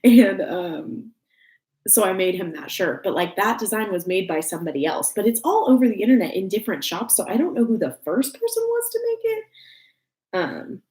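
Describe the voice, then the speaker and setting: A woman's voice: mid-range voice, very animated, normal speed, a little mellow. Giggly Texan woman chatting on a livestream. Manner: giggly, rambling, lots of fillers and restarts. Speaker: YouTube crafter on a livestream. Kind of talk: casual livestream chat. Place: room at home. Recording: roomy home echo.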